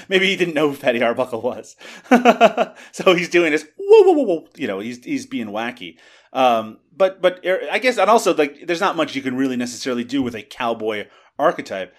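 Man, podcast co-host, casual movie talk, hesitant, lots of uhs, mid pitch. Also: fairly bright tone. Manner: hesitant, lots of fillers and restarts. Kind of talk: casual movie review chat.

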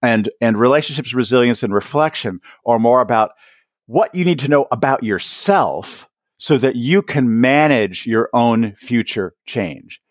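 A man as a guest on an education podcast, explaining his ideas and acting out quick exchanges between teachers and students. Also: mid-range voice, dry recording, studio quality. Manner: animated, acts out teachers and students in quick asides. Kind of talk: podcast interview.

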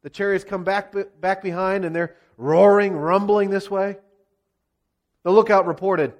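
Male preacher, higher voice than most men, retells scripture vividly for a sermon. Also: fairly even intonation, a little slow. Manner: vivid, dramatic storytelling of scripture. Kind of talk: expository sermon.

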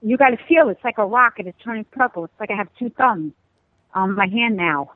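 A middle-aged woman calling in by phone, telling stories about herself in an animated, self-mocking way. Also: medium pitch, a little fast, no echo. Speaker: guest caller, host's mother. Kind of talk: phone-in chat. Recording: tinny, dry phone line.

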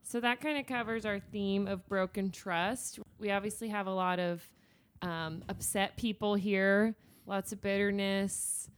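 A woman's voice: medium pitch, fairly even intonation, measured pace. A woman co-hosting a casual book discussion, chatty and laughing, swearing easily. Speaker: podcast co-host.

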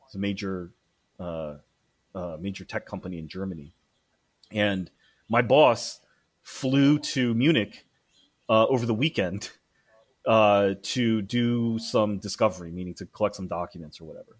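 A man in casual conversation, telling work stories in an animated way, acting out quotes and swearing freely. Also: on the low side, unhurried, long pauses. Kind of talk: casual chat.

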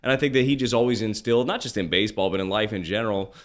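A man in his forties telling stories as an interview guest, animated and full of restarts, often acting out what others said. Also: on the low side, rapid-fire. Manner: animated, acts out quoted voices, many restarts. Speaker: guest, former pro baseball pitcher. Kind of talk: casual interview storytelling.

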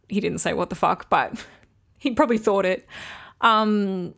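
A woman's voice: mid-range voice, unhurried, creaky, long pauses, fairly bright tone. Candid woman hosting a relationship podcast. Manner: candid, reflective, frequent ums. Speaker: podcast host. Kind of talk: casual solo podcast talk.

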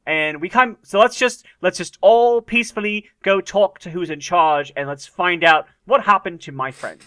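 A man's voice: high voice, moderate pace, sharp tone. A man playing a tabletop game, talking in wry, sarcastic asides. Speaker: player.

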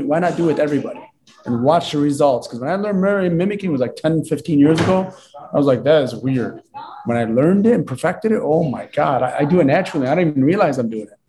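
A man from Lebanon, a real estate agent, shares sales stories as an interview guest. His voice is fairly high and mellow. He talks animatedly, acting out conversations with lots of "you know" fillers. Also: rough recording. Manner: animated, acts out dialogue, repetitive fillers.

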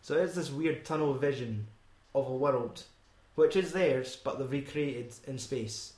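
A Scottish man talking loosely about a film, with rambling, sweary asides and frequent laughter. His voice sits at a middling pitch. It carries a noticeable room echo. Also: a little slow, a little mellow. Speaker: podcast co-host. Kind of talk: casual film chat.

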